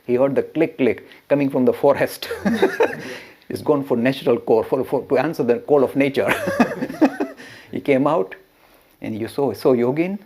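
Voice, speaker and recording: Man, religious teacher, storytelling lecture, chuckles and asides, husky voice, very lively pitch. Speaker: religious educator.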